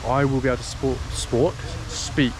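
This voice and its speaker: A man's voice: mid-range voice, level tone, moderate pace. Rambling young man vlogging outdoors. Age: young adult. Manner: rambling, chatty, self-mocking. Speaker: travel vlogger. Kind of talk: casual travel vlog. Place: outdoors around a town and driving a car. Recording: noisy outdoor camera audio. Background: street ambience and vehicle noise.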